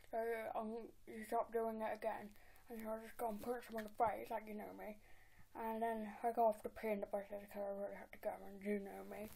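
A woman's voice: on the high side, gravelly, mellow. Woman doing a nasal brash young chav guy. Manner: boastful, rambling, combative. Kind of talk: comedic character impression.

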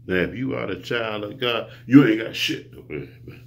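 A man's voice: on the low side, fairly quick, gravelly. A man preaching a rambling monologue to his viewers, grandiose and profane, lecturing the listener. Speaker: self-styled preacher.

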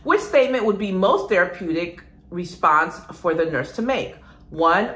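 A woman nursing instructor giving an energetic exam-prep lecture, calling the students "guys" and asking and answering her own questions. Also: medium pitch, normal speed, echoey room.

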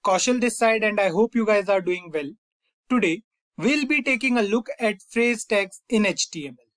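A young man hosting a coding tutorial, calmly walking through each step and often saying "fine" and "over here". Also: high-pitched, moderate pace, no room sound. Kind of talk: screen-recorded coding lesson.

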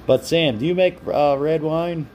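A man's voice: a little high, a little slow, muffled recording, slight background noise. A man hosting a casual live stream, chatting with viewers by name and laughing often while he reads their comments. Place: home.

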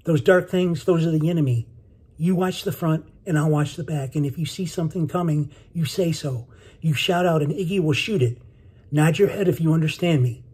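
Male reader putting on a young storybook boy, hushed and insistent, protective older brother, husky and dark. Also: fairly high pitch, fairly quick, few pauses. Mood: hushed coaxing. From Detroit. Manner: urgent, coaxing.

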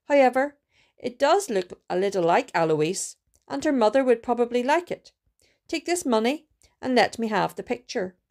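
A woman reading the lines of a stern, well-off middle-aged village miller in a storybook, gruff and scolding. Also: a little high, expressive, moderate pace, a little mellow.

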